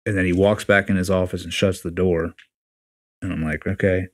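A man in his forties with a very deep, low-pitched voice sits as a guest in a casual interview. He recounts events bluntly, swears without hesitation, and slips into quoting what other people said. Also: normal speed. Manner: blunt, profane, animated retelling with quoted dialogue. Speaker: podcast guest, retiring Navy SEAL chief.

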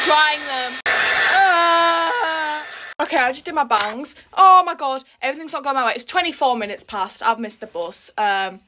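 Young woman, high voice, rushed and chatty, cricket sounds behind, noisy recording. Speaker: beauty vlogger. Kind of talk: casual get-ready-with-me chat. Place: home, indoors. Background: cricket sounds from a smart speaker.

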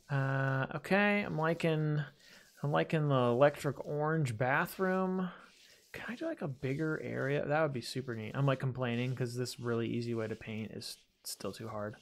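A man with a gravelly, fry-edged voice talks through a game as he plays it. He rambles casually, mutters to himself, and pokes fun at his own slip-ups. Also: mid-range voice, normal speed. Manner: chatty, self-deprecating, talks to himself while playing. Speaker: gaming video host. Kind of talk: casual let's-play commentary.

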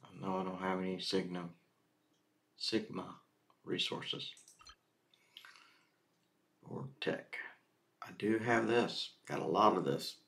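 A man streaming a game, slowly talking himself through his moves in a casual way. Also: deep voice, vocal fry, fairly bright tone. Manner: slow, muttering to himself. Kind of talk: casual gameplay commentary.

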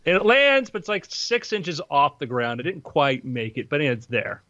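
A man's voice: on the high side, very animated, moderate pace, bright, forceful tone, dull audio. A man narrating a tabletop game as game master, in a playful, descriptive way.

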